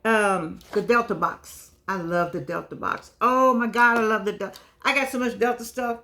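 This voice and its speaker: An older woman chatting casually to her viewers in a vlog, lively and affectionate, wandering from one aside to the next. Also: on the high side, moderate pace. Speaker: vlogger.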